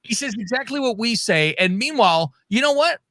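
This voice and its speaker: Animated, swearing man recapping wrestling. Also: very high-pitched, a little fast, dry recording, clean studio sound. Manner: profane, animated recapping with quoted voices. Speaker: podcast co-host. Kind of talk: casual wrestling talk.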